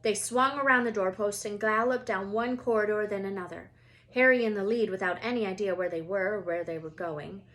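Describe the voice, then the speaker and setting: A woman teacher reading a children's novel aloud with expressive, lively storytelling. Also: medium pitch, a little fast.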